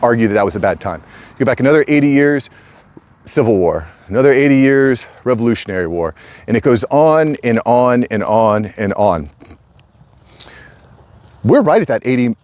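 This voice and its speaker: Emphatic middle-aged man with a lively voice. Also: medium pitch, moderate pace, long pauses. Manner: emphatic, repetitive, addresses viewers as guys. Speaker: channel host. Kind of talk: casual direct-to-camera talk.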